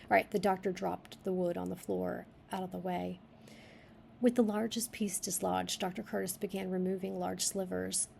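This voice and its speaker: In a lowish, gravelly, slightly mellow voice with little pitch movement, a woman reads a manuscript aloud at a moderate pace. She's a writing critic who stops to propose edits and thinks aloud along the way, with slight background noise behind her.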